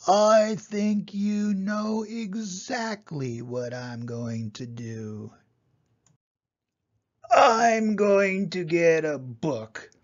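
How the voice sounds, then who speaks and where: An older man voicing a grumpy, hungry male woodland animal guarding his clover, speaking in a gruff, drawn-out, cranky way. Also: fairly high pitch, lo-fi sound, close to an everyday voice. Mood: grim.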